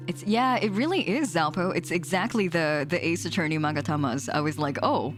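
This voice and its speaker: A woman's voice: lowish voice, fairly quick, faint music behind. A woman streaming a game, commenting in a chatty, rambling way and giggling often. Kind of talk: casual live-stream commentary.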